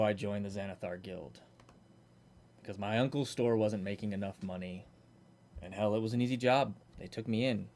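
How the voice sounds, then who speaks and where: A man's voice: lowish voice, darkish tone, close to an everyday voice. A man voicing an earnest male warforged automaton guard who tells his story in a plain-spoken way.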